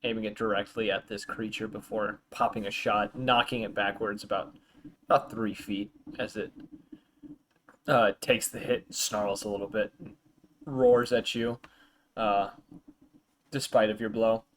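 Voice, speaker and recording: A man's voice: fairly low pitch, steady tone, a little slow, long pauses, slight background noise. A man narrating as dungeon master in a tabletop game, hesitant and full of ums and uhs.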